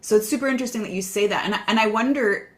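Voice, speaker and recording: A woman's voice: mid-range voice, rapid-fire, fairly bright tone. A woman hosting a casual podcast interview, reflective and enthusiastic as she asks questions. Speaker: podcast host.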